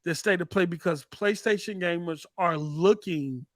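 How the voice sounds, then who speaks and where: A man hosting a casual gaming chat, animated and talking fast, often repeating words as he builds a point. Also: high voice, no echo, studio quality. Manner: animated, rapid, repeats words when excited. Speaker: podcast host.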